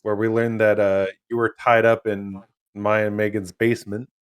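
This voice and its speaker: A man's voice: fairly low pitch, little pitch movement, normal speed, smooth. A man co-hosting a podcast in casual chat, steering the episode list in an easygoing, teasing way. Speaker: podcast co-host leading the list.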